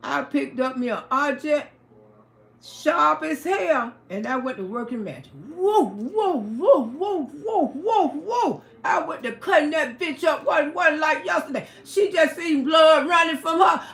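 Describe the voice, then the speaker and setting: Animated, profane storytelling woman. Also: high-pitched, gravelly, reverberant. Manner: profane, animated, emphatic retelling. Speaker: livestream host. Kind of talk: casual storytelling to a live audience.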